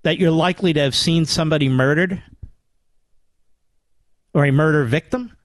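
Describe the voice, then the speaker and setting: A man's voice: fairly high pitch, normal speed, no room sound. An older man from the Philadelphia area hosting a political talk radio show, delivering an indignant, sarcastic monologue.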